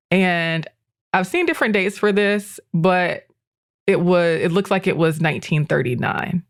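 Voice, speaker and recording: A woman's voice: lowish voice, dry recording, clean studio sound. Chatty woman telling a history story. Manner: relaxed and chatty, laughs often, addresses listeners as y'all. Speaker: guest presenter. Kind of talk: casual podcast storytelling.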